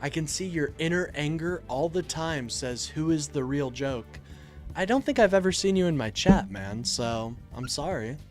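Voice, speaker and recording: An exasperated young man streaming live, reacting to his chat as his voice leaps between loud outbursts and low mutters. His speech sits a little high for a man, and faint music plays behind him. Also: lively intonation, normal speed. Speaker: political streamer taking chat and calls.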